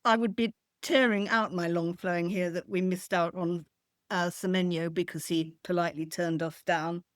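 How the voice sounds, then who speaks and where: A woman's voice: lowish voice, fairly even intonation, moderate pace, no room sound, clean studio sound. A woman co-hosting a podcast, talking football in a wry, blunt way. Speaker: podcast co-host. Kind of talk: casual football chat.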